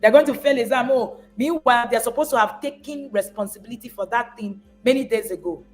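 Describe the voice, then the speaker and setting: A parenting coach gives a live talk in a slightly high, brisk voice, with soft music playing behind her on a rough recording. She speaks emphatically, repeating words and phrases to hammer her points home, and acts out parents as she goes.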